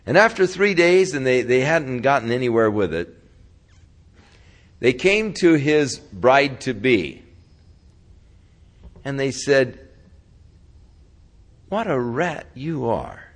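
A man's voice: medium pitch, sing-song, slow pace, pauses often. A male pastor telling a story in a casual, folksy sermon style during a weekly Bible study. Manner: casual, folksy retelling with chuckles.

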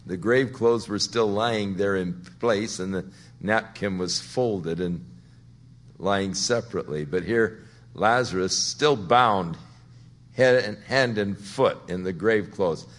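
A man's voice: lowish voice, slow. A man preaching a sermon on a Bible passage, talking it through conversationally and building to emphatic points. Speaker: pastor.

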